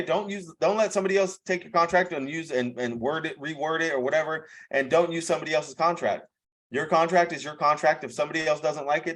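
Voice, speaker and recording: A young man talks on a live video call with a voice pitched a bit high for a man. He coaches in a blunt, casual way, throws in profanity, and keeps checking in with "okay?" and "bro.". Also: a bit bright, low-quality recording.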